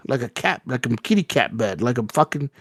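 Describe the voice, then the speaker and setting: A man co-hosting a gaming podcast, telling a rambling, profane story in casual chat and acting out quotes with sudden jumps in pitch. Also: sing-song, a little fast, a bit bright, no echo, studio quality. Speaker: podcast co-host.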